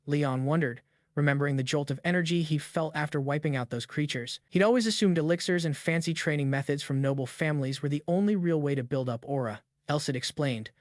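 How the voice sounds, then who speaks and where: A man narrating a comic recap as scripted story narration, brisk and even. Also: a little high, no echo, studio quality.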